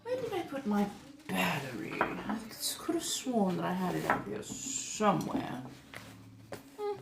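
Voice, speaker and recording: A woman's voice: mid-range voice, huge pitch swings, creaky, background noise, exaggerated voice. A woman voicing a centuries-old refined female vampire in a colonial American accent, chatting with viewers on a livestream and calling them darling. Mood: chatty. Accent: 1700s colonial American. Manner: genteel, unhurried, fond of endearments. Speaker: streamer. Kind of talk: in-character livestream chat.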